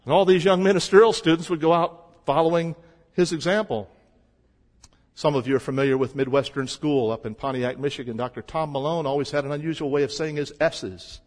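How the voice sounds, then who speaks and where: A man preaching a sermon as a pastor, shifting between quiet stretches and loud emphasis. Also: fairly high pitch, fairly even intonation, brisk, long reverb tail.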